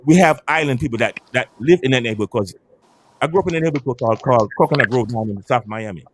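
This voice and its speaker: A man from Antigua with a West Indian accent, telling animated stories in a casual podcast chat and often repeating himself. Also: medium pitch, fast talker, noisy background. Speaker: podcast panel guest.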